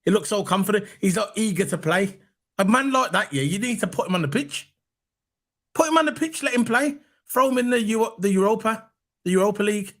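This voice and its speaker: Guy with a higher voice hosting a footy chat, hyped, says everything twice. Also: fairly quick. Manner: animated, repeats his points for emphasis. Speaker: football podcast host. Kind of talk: casual fan chat.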